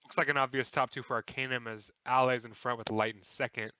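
A man casting a kart racing tournament live, with casual, excitable play-by-play. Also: medium pitch, fast, smooth, dull audio. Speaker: esports caster. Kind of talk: live race commentary.

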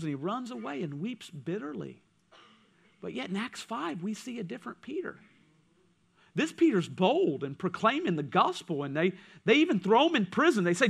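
A man preaching a sermon as pastor, swinging from loud passages to hushed ones. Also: high-pitched, sing-song, fairly quick, gravelly. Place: church.

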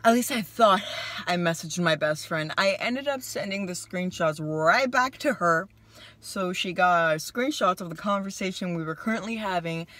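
A young woman vlogger telling a casual story to the camera, chatty and animated, acting out what people said. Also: fairly low pitch, no room sound. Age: young adult. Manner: animated, chatty, voices her own quotes. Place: car.

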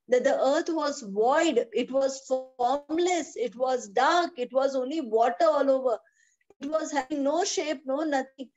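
A woman's voice: high-pitched, a little mellow. A woman teaching the Bible on a video call. She is emphatic, repeats her phrases and asks rhetorical questions. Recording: dull lo-fi video call audio.

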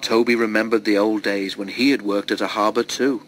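A man narrating a children's storybook in a steady, clear reading voice. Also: fairly low pitch, a little fast, a little hiss or hum. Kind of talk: storybook read-aloud.

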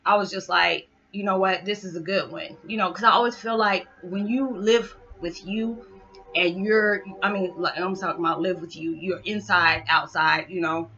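Brief: woman spiritual vlogger, loose rambling chat, slightly low, bright voice, muffled lo-fi recording. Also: steady tone, moderate pace. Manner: rambling, chatty, many fillers like "you know" and "it's just like". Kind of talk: casual monologue to camera. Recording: dull lo-fi sound.

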